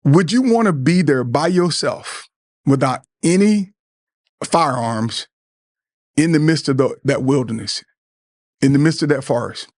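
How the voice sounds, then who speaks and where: A middle-aged man with a slightly high voice gives an earnest talk to other men, urging them to open up. He talks like a preacher, repeats words and stumbles over them, and slips into the voices of friends he quotes. The sound is close and dry. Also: lively intonation, unhurried, pauses often, a little mellow, no room sound. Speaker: podcast host.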